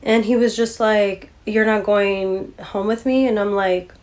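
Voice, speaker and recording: A woman in a middle register tells a dating story in a casual rant. She sounds exasperated and acts out both sides of the conversation. The pace is quick and chatty. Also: mid-range voice, fairly even intonation, darkish tone. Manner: exasperated, mocking quoted voices.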